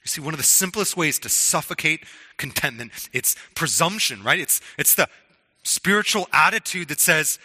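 Bright-voiced man preaching in a hall. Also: on the high side, animated, normal speed. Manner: earnest, conversational preaching with frequent restarts. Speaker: pastor. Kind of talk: sermon.

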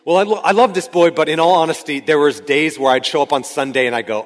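A male pastor in his thirties delivers a conversational sermon in a church sanctuary. His voice sits a little high for a man and bursts into shouts when he reenacts a story. A long hall reverb trails his words from the stage mic. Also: fast, few pauses. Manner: conversational, rising to shouts when acting out yelling. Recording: hall reverb from a large room.

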